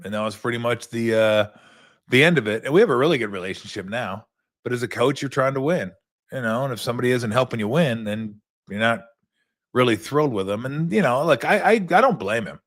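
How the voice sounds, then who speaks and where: A middle-aged man hosting a talk show and telling an animated story, often repeating words as he goes. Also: medium pitch, a little fast. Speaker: host, former basketball player. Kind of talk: casual storytelling.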